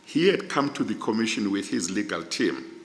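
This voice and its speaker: A middle-aged man with a South African accent, answering questions in a formal panel interview with deliberate, careful explanations. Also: fairly low pitch, expressive. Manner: slow, measured, deliberate explanations. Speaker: judicial candidate being interviewed. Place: large hearing room. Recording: echoey hall, long reverb.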